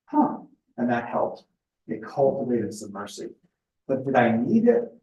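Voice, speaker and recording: A man's voice: medium pitch, expressive, a little slow, a little mellow, lo-fi sound. Middle-aged man giving an echoey retreat talk. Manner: conversational, thoughtful, with frequent fillers. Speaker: retreat speaker. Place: retreat house meeting room. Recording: echoey room, voice picked up from a distance.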